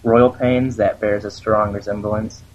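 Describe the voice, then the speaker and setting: A man with a low, husky voice co-hosts a casual fan podcast, joking and rambling between news items. His audio comes through muffled and lo-fi. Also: flat delivery, a little slow. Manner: jokey, rambling, trails off. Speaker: podcast co-host.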